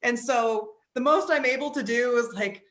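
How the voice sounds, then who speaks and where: Woman, East Coast US upbringing, interview guest. Bright, lively storytelling, heavy filler words, recorded in an echoey room. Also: a little high, moderate pace. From East Coast of the United States. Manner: animated, frequent "like" fillers. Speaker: author and psychologist, interview guest.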